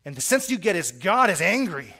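A middle-aged man preaching a sermon in an earnest way, repeating words as he starts phrases and swinging from quiet to loud. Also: high voice, very animated, a little fast, husky.

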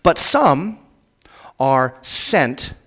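A man's voice: very animated, drawn-out words, fairly bright tone. A man, a pastor, preaching a teaching sermon, repeating his points and pressing them with rising emphasis. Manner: emphatic, rises in pitch and volume on key points.

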